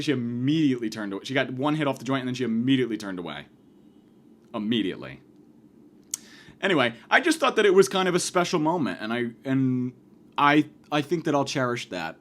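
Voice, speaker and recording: Rambling, profane male storyteller. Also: mid-range voice. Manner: profane, rambling, fast, lively delivery. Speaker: podcast host.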